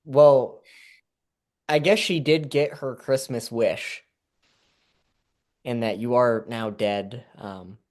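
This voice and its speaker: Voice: medium pitch, takes it slowly, pauses often, darkish tone, close to an everyday voice. A performer playing an afterlife interviewer who questions the newly dead with hesitant ums and dry remarks, in an improvised comedy bit. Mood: deadpan. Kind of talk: improvised comedy role-play.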